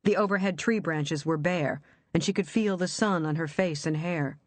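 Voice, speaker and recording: An audiobook narrator reading a thriller in an even, measured storytelling voice. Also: medium pitch, dry recording.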